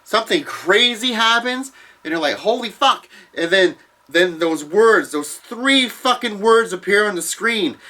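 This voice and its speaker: A man casually retelling a comic storyline, profane and animated, acting out what the characters say. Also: sits high, unhurried. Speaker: comics explainer.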